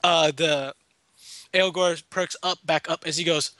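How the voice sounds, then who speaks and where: A man's voice: on the high side, fairly even intonation, measured pace, pushed and bright, no echo. A man narrating a tabletop game as game master, in a casual way with many fillers and restarts.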